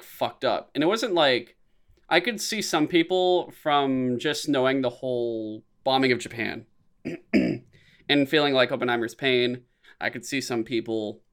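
A young man co-hosting a podcast in casual chat, rambling and swearing, his voice jumping high whenever he acts out a reaction. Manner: rambling, animated, swears often, voice jumps high when quoting reactions. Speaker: podcast co-host.

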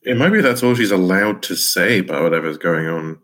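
A man at a tabletop game with a low, deep voice, tossing in wry, joking asides. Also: expressive, normal speed, a bit bright. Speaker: player.

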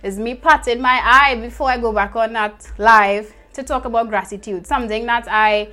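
A woman's voice: fairly high pitch, normal speed, bright, forceful tone. A young adult woman, a life coach, telling her personal story in an earnest, reflective way, repeating phrases for emphasis.

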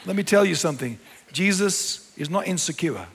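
A pastor preaching a sermon, animated, dropping to quiet low asides and then rising to emphatic lines. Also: male voice, normal speed, creaky, a little hiss or hum. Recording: long hall reverb.

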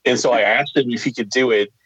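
A man with an even, mid-range voice speaks close to the mic in a dry, dead room. He is a guest describing his comic book project in a relaxed, conversational way and laughs lightly between thoughts. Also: mid-range voice, fast talker, husky, no echo, low-quality recording. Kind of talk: casual interview answer.

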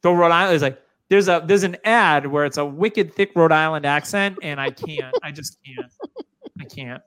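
A man's voice: a little high, moderate pace, a bit bright, clean tone. A man from New Hampshire, a guest on a podcast, chatting casually and joking with some swearing. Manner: loose, joking, swears freely.

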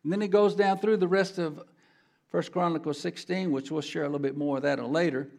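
A middle-aged male guest preacher delivering a sermon with a fairly high voice. He drops to a low, confiding tone and then surges into loud, emphatic declarations. His pace shifts freely to stress his points. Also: fairly even intonation, fairly quick, gravelly. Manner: emphatic, swinging from quiet to loud boasting. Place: church sanctuary.

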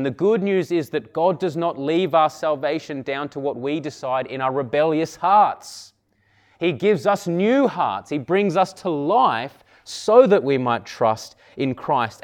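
A man's voice: on the high side, darkish tone. A man preaching an earnest expository sermon, building emphasis on key points.

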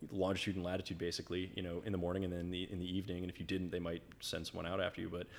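Low-voiced rambling American man. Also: monotone, rapid-fire, creaky. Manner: rambling storyteller, heavy use of "like" fillers. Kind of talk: casual chat.

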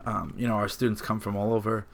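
A man working as a high school campus minister, chatting on a podcast in a halting way with many fillers. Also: level tone, vocal fry, slight background noise. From New York area. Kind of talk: casual podcast chat.

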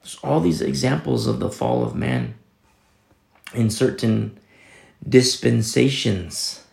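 A man's voice: mid-range voice, huge pitch swings, takes it slowly, creaky, a little mellow, echoey room. A man pastor giving a conversational Bible teaching sermon, rambling with many restarts and sudden emphatic rises.

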